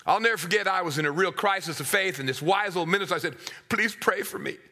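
A middle-aged man preaching a sermon, swinging from hushed asides to loud, acted-out voices. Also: sits high, quick pace.

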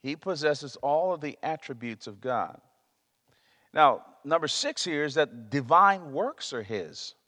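A man's voice: fairly high pitch, lively intonation, unhurried, sharp tone. A man preaching a sermon, emphatic and prone to repeating himself as he searches for words. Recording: long reverb of a large hall.

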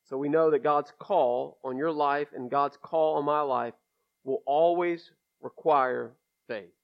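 A pastor with a high, light voice delivers a conversational sermon, folksy and candid, leaning into emphatic asides. The recording sounds dull and lo-fi, with the top end rolled off, as if captured in a church sanctuary. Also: male voice, steady tone, a little slow, vocal fry.

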